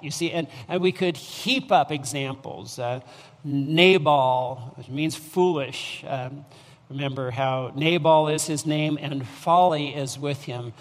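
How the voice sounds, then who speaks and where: Slow, deliberate preacher in a reverberant hall. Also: male voice, fairly high pitch. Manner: deliberate preaching with repeated restarts and rising emphasis. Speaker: pastor. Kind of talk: sermon.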